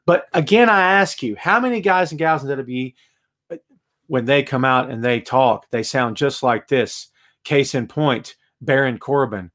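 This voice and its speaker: A man hosting a wrestling talk show, ranting in an animated, excitable way and answering chat messages. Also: a little high. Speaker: wrestling podcast host. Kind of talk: live show, reading chat comments.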